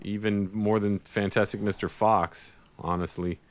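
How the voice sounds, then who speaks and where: A man's voice: fairly low pitch, steady tone, a little slow. A man hosting a casual podcast film discussion, steering the talk and calling on each guest by name. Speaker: podcast host.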